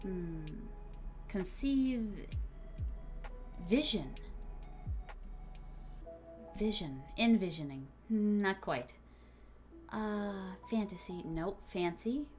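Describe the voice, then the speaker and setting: A woman's voice: medium pitch, lively intonation, drawn-out words, long pauses, a little mellow, soft background music. A woman streamer musing aloud as she writes, trying out words and chatting casually with her viewers.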